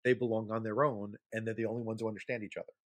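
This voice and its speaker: A man co-hosting a podcast in casual chat, rambling through points with quick asides. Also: little pitch movement. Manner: hammy mock-sales pitch in plugs. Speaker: podcast co-host.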